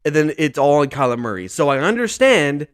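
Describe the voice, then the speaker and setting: A man's voice: fairly high pitch, very animated, fairly quick, clear, resonant tone, no room sound, clean studio sound. A young man hosting a sports podcast, ranting about football in a profane, exasperated way and repeating himself.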